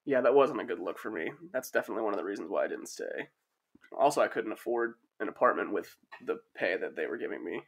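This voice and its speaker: A man in his twenties talking as a guest in a casual podcast chat, easygoing and reflective, often pausing to find his words. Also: fairly low pitch, expressive, gravelly, breathy edge. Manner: easygoing, reflective, hesitant with fillers.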